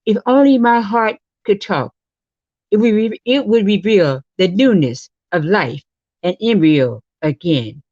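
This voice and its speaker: A woman's voice: medium pitch, animated, a little slow, darkish tone, dry recording. A woman guest reading her spoken-word poem in an earnest, dramatic way over a video call. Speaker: poet guest. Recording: dull, dry video-call audio.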